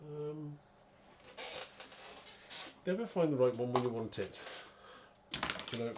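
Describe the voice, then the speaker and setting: A man's voice: medium pitch, animated, takes it slowly, heavy background noise. A man hosting a live card-making demo, chatty and rambling, thinking aloud and laughing at his own muddles.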